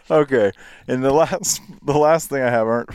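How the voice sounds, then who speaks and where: A man's voice: mid-range voice, measured pace, darkish tone, smooth, no echo. Playful laughing podcast host, man. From United States. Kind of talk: casual chat.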